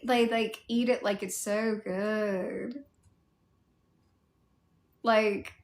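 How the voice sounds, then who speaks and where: A woman's voice: medium pitch, creaky, roomy sound. A woman with a Southern US accent, chatting casually on a livestream and answering viewer comments in a rambling way, full of "like" fillers. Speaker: cosplay streamer answering viewer chat.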